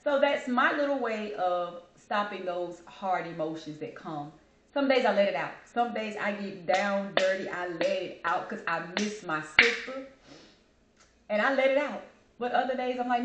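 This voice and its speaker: A woman's voice: medium pitch, animated, normal speed, echoey room. A woman hosting her own vlog, talking candidly to camera while grieving and holding back tears, calling her viewers y'all. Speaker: channel host.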